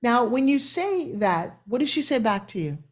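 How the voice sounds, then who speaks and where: A middle-aged woman talking as a guest in an interview, animated and motivational, her pitch swinging up and down for emphasis. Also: moderate pace. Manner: lively, shifting pitch up and down for emphasis. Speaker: guest speaker.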